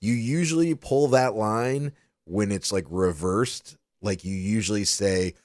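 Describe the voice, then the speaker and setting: A laid-back man chats with his co-host, thinking out loud in an easy, unhurried way. His voice is fairly low. The recording is dry and close-miked. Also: no echo. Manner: relaxed, easygoing, quick short replies. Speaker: podcast co-host. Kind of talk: casual conversation.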